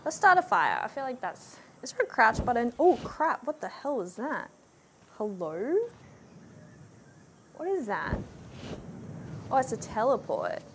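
A woman narrates her VR game session in a jumpy, excitable way, often talking to herself. Her fairly high voice swoops up and down a great deal. Noisy game sound plays under her voice. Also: unhurried, long pauses. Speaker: VR gamer. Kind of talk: casual let's-play commentary.

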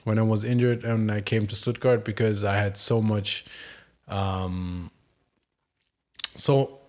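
A man's voice: lowish voice, fairly even intonation, takes it slowly, a little mellow. A young man with a German accent, speaking English as a second language, talking casually as a podcast guest with many hesitations and restarts. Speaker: guest, professional soccer player.

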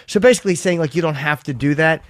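A man's voice: on the high side, fast, no room sound, studio quality. A man co-hosting a casual chat show, retelling a story with heat and plenty of swearing. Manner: heated, profane retelling, quotes others. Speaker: podcast co-host.

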